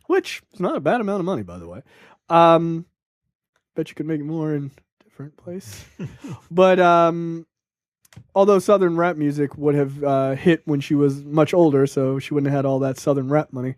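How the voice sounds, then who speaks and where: A man co-hosting a casual movie review podcast, talking in an animated, profane way and acting out characters' lines. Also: fairly high pitch, normal speed, no room sound, clean studio sound. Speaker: podcast co-host.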